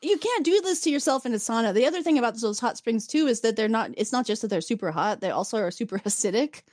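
A woman co-hosting a podcast chats casually as she recaps an episode, animatedly acting out the characters' lines in quoted voices. Her voice is fairly high and she talks fast. The sound is clean studio audio with no room sound.

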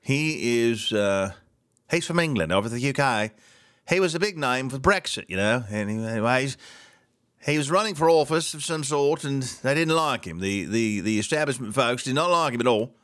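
A man's voice: mid-range voice, expressive, normal speed, a bit bright. A middle-aged man hosting a solo talk show, ranting with sarcastic indignation.

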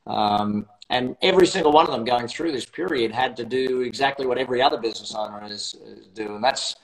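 Middle-aged Australian male guest, confident, plain-spoken, average pitch. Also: fairly quick, creaky, roomy sound, low-quality recording. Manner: confident, explains with homely examples. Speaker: podcast guest, business coach. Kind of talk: casual interview chat.

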